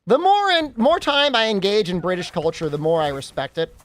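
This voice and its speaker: Young american guy streaming, high voice, bouncy and joking, answering chat. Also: a little fast, dry recording. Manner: animated, joking, reacting to chat questions. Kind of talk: casual chat with live chat.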